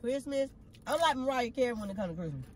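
A woman's voice: on the high side, lively intonation, fast, a little mellow. A woman vlogger chatting casually and candidly with her partner over a meal. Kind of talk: casual couple vlog chat while eating.

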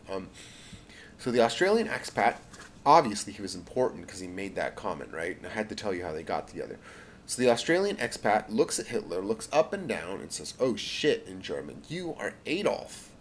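A man tells a made-up tale in a low voice that swings widely in pitch. He rambles, stumbles over words and corrects himself, stopping for asides before pushing on with the story. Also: sing-song, brisk, slight background noise. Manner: rambling, self-correcting, many fillers and asides. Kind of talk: improvised spoken storytelling.

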